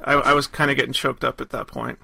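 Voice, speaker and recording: A man's voice: medium pitch, sing-song, fast talker, creaky, pushed and bright, breathy edge, dry recording. A man co-hosting a podcast, chatting casually and enthusiastically about a film, with frequent restarts. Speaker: podcast co-host. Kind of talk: casual chat.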